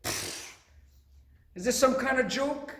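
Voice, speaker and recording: A man's voice: extremely high pitch, expressive, slow pace, gravelly, a bit bright, reverberant, voice pushed up, heavily acted. A man voicing an arrogant giant warrior who mocks and taunts a boy. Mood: mocking. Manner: scornful, taunting.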